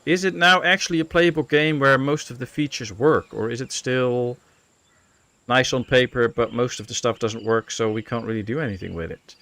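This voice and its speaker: A man's voice: mid-range voice, dry recording. A man from the Netherlands streaming a colony-building game, chatting casually with his viewers and musing aloud with lots of fillers. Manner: relaxed, musing, thinking aloud with many fillers. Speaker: gaming streamer.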